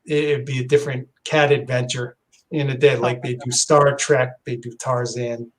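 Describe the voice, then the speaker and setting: A man's voice: mid-range voice, little pitch movement, moderate pace. A man co-hosting a casual livestream, rambling fondly about old shows with many restarts. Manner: rambling, fond of nostalgia, stumbles and restarts. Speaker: regular co-host. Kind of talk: casual chat. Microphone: headphones with a computer mic on a call.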